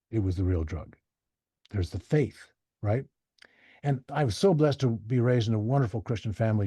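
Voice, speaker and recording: A man talks with a dark, husky tone in a dry, close sound. He tells stories casually and animatedly, jumping high to act out the people he quotes. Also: dry recording. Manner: animated, acts out quoted voices. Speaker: podcast guest. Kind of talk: casual storytelling.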